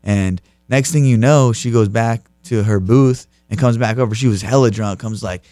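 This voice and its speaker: A man's voice: mid-range voice, normal speed, warm tone, no room sound, studio quality. A young man in his twenties, an interview guest who tells stories with energy and laughs through the punchlines. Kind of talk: casual storytelling interview.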